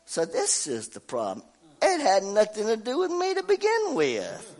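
A middle-aged man, preaching and telling a homey story in a folksy, animated way, his voice congested from a cold. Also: mid-range voice, a little slow. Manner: folksy, animated, laughs at himself. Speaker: pastor. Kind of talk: sermon with personal story.

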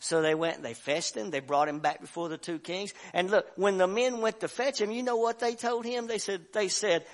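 A man preaching a sermon as pastor of a church, acting out the voices of the story and rising at times to shouts. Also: high voice, a little fast, hardly any pauses. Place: church sanctuary.

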